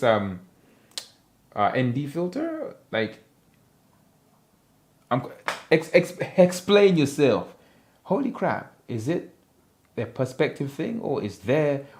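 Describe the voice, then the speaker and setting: A man from Africa chatting casually on a livestream, reading viewer comments in a playful, rambling way and laughing often. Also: mid-range voice.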